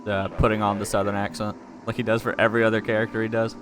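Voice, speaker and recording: A man's voice: fairly low pitch, little pitch movement, fast talker, crowd noise. A man hosting a stream, casually riffing on a movie with sardonic, crude jokes. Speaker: stream host.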